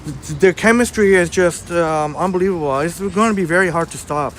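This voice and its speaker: A man's voice: fairly high pitch, brisk, fairly bright tone, a little hiss or hum. A man hosting a casual live walking stream outdoors on a city street, chatting and greeting viewers by name. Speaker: livestream host reading viewer chat.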